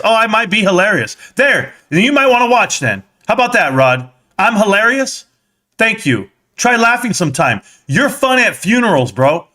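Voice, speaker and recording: A man's voice: sits high, big pitch swings, moderate pace, sharp tone. Heated man ranting on a live stream. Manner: heated, combative, talks back to chat. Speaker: stock market live streamer.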